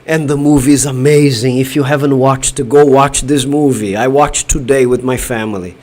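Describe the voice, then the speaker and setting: A man from Brazil hosting a live watch-party stream from his home studio, shouting elated cheers between chatty remarks. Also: medium pitch, fairly even intonation, normal speed. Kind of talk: excited live-stream chat.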